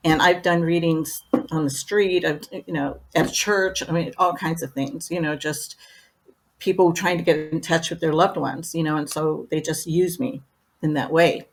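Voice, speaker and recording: A middle-aged woman with a lowish, slightly deep voice talks through her experiences as a guest on an interview show. Her telling is loose and rambling, a run of casual asides strung together with "you know.". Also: steady tone, normal speed. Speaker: medium, podcast guest.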